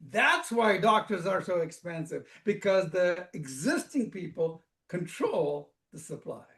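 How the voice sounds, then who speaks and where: Animated high-voiced man telling stories. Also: a little slow, vocal fry. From Africa. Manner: animated, conversational, with many restarts. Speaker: guest speaker. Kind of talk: storytelling talk. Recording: echoey room.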